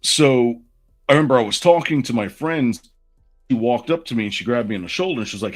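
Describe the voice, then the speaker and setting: Animated man telling a rambling story. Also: mid-range voice, fast, faint music behind. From Southern United States. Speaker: podcast co-host. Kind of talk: casual storytelling.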